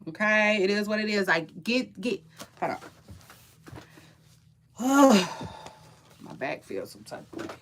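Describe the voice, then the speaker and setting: Lively, bright-voiced woman chatting opinions. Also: mid-range voice, slow pace, long pauses. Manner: chatty, opinionated, repeats words and trails off. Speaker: gossip and entertainment commentator. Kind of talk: casual chat to viewers.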